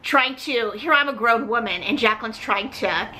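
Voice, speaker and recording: A woman's voice: on the high side, moderate pace, bright, forceful tone, a little hiss or hum. A middle-aged woman hosting a vlog, telling a personal story in a chatty way and often turning to her viewers. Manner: chatty, keeps saying "you guys". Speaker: vlog host.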